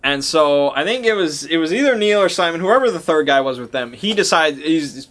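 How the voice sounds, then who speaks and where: A man's voice: a little high, expressive, fairly quick, a bit bright. A man recapping a tabletop game session as its game master, rambling and often stopping to hunt for names. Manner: rambling and self-interrupting, often loses track of names. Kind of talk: casual storytelling recap.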